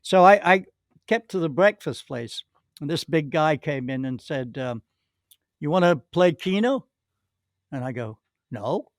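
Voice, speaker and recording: A man's voice: medium pitch, measured pace, dry recording, studio quality. An older man, a podcast guest, telling long rambling anecdotes with many restarts and acted-out quotes. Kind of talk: anecdotal storytelling.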